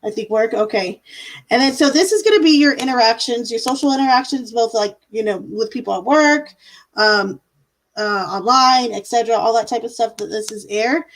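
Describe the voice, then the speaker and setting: A woman's voice: on the high side, normal speed, low-quality recording. A woman giving a live-stream tarot reading in a casual, chatty way, full of fillers and "like"s. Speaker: tarot reader.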